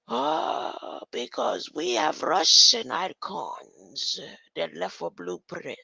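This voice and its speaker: A woman hosts a livestream with an unhurried, rambling monologue, peppering it with a questioning "huh?" and little laughs. Her voice is bright and edged with gravelly fry. The sound is dry, with no room around it. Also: on the low side, wildly swooping pitch, dry recording, rough recording. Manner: tags lines with a questioning "huh?"; laughs between thoughts.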